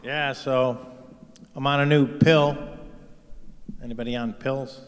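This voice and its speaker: A man's voice: medium pitch, steady tone, slow. A man doing a stand-up comedy set on stage, rambling and swearing freely in a self-deprecating way. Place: stage in a live venue. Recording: live venue with long hall reverb.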